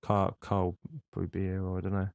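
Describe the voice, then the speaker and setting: A man's voice: sits low, monotone, fast, gravelly, a little mellow, no echo. A man co-hosting a podcast, rambling casually and swearing freely between yawns. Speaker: podcast co-host. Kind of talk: casual chat.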